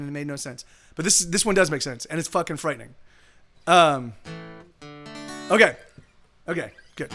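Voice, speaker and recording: A man on a live stream tells a long story in a loose, rambling way, restarting his sentences and acting out what people said. He talks quickly, and his voice sits high for a man. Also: fairly bright tone. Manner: rambling, full of restarts and acted-out quotes. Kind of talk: casual storytelling.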